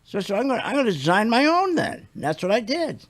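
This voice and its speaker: An older male radio host with a high-pitched voice rants bluntly and indignantly. He rambles from point to point in a loose, conversational way. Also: big pitch swings, quick pace, fairly bright tone. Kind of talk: ranting radio talk.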